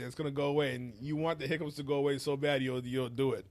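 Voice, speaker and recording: A man commentating a school soccer game in a relaxed, talkative, joking way. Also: mid-range voice, fast. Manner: talkative, laid-back, jokey. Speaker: sports commentator. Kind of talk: casual play-by-play chat.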